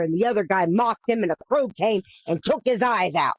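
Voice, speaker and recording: This dull, dry lo-fi recording features a podcast host with a mid-range, slightly rough voice speaking fairly quickly, with no room sound. He retells a bible story casually yet earnestly, with many restarts, repetitions and the odd swear.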